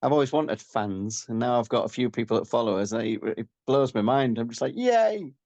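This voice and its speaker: A man with a Yorkshire accent, a rock singer chatting as a guest in a relaxed, rambling, modest way. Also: mid-range voice, brisk, no room sound. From Yorkshire, England. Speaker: rock band frontman, guest. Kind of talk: casual interview chat.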